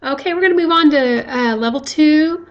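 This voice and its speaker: A woman delivers a recorded grammar lecture in a slightly high voice. She explains patiently and step by step, often pausing on "okay" and "uh" as she goes. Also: lo-fi sound. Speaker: teacher.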